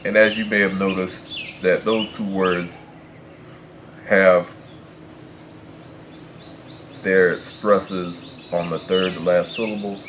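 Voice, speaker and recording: A man's voice: low-pitched, fairly bright tone, slight background noise. A man teaching as a Spanish tutor, patiently explaining rules and spelling words out letter by letter.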